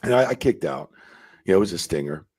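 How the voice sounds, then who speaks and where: A man's voice: sits low, animated, a little fast, darkish tone, slightly rough, no echo. A man in a casual interview who tells stories, swears freely and acts out quotes animatedly. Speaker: retired wrestling referee, guest.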